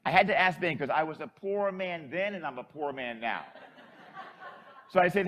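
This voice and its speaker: An older man and priest telling a chatty, animated story in a sermon. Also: on the high side, fairly quick.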